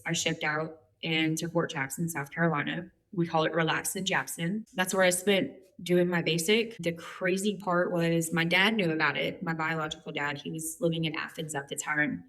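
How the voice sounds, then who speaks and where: A woman's voice: lowish voice, fairly even intonation, moderate pace, few pauses. A woman in her forties telling her life story as a guest, chatty and humorous with lots of fillers. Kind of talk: candid personal storytelling.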